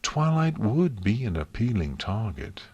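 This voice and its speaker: A man's voice: on the low side, big pitch swings, a little slow, a little mellow, slightly rough, no echo, highs cut off, full character voice. Man voicing a harsh, bitter night princess. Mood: grim. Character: stern, bitter female night princess pony. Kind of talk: audiobook reading.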